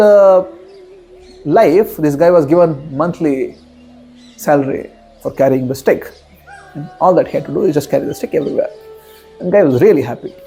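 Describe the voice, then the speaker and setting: A man's voice: medium pitch, dark tone, low-quality recording. A man, a spiritual teacher, casually telling a story in a talk. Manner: casual, chatty, checks in with listeners.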